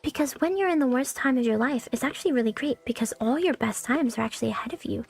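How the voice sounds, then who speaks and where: Talking fast in a high, gravelly, slightly rough voice, a young woman rambles candidly and swears freely on her home stream. She uses a new condenser mic on a stand, and faint background music plays.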